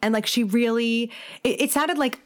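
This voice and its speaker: A woman's voice: fairly high pitch, normal speed. A woman in her thirties from New Jersey, co-hosting a podcast in casual chat, laughing often and acting out what others said. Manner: chatty, laughs often, acts out quotes. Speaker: podcast co-host.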